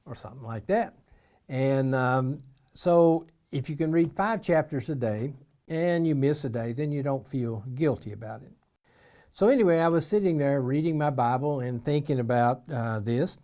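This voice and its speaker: A man's voice: mid-range voice, moderate pace. Folksy Eastern Kentucky man preaching. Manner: folksy storytelling, acts out shouted voices in quotes. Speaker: missionary preacher. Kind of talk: informal devotional talk.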